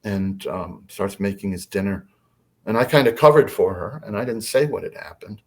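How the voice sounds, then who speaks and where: A man telling a personal story as a podcast guest, casual and animated. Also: fairly low pitch, moderate pace. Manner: animated, acts out quotes.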